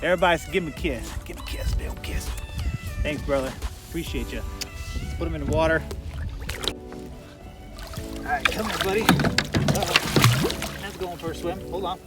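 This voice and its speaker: Excited high-voiced man. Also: moderate pace, pauses often, rough recording. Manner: hyped and exclamatory, keeps shouting "heck yeah, baby". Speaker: fishing vlogger. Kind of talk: excited play-by-play while fishing. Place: outdoors on a kayak on open water. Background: loud background music.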